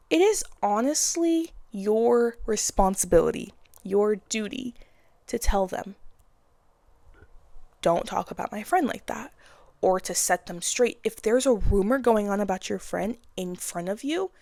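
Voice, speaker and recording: A woman's voice: mid-range voice, vocal fry, a little mellow, dry recording. A woman in her twenties giving frank, casual advice in a blunt monologue, with slang and swearing. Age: 20s. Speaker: vlogger.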